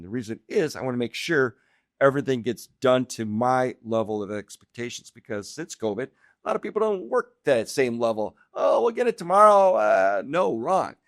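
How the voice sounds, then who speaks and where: A man's voice: mid-range voice, no echo, clean studio sound. Middle-aged man telling funny stories. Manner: animated anecdotes with frequent laughter. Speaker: guest real estate agent. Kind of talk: casual podcast storytelling. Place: indoor podcast room.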